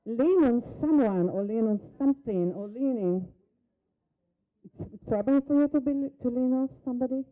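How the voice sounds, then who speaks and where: This Hebrew-speaking woman facilitates a workshop in a conference hall, guiding a volunteer live with short prompts and questions. She talks at a normal pace in a fairly high, expressive voice, and the sound is phone quality.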